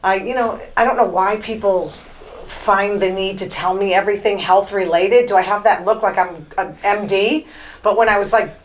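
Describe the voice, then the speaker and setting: A woman's voice: medium pitch, fairly even intonation, normal speed, a little hiss or hum, low-quality recording. A woman hosting her own show, telling rambling stories about her week in a chatty, casual way with lots of fillers. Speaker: podcast host. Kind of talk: casual monologue.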